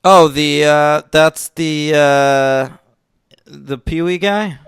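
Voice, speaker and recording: A man's voice: fairly high pitch, extremely slow, a bit bright, clean tone, no room sound, studio quality. A man co-hosting a film podcast, chatting casually, laughing often and swearing freely. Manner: laughs often, loose and profane. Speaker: podcast co-host. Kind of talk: casual film review chat.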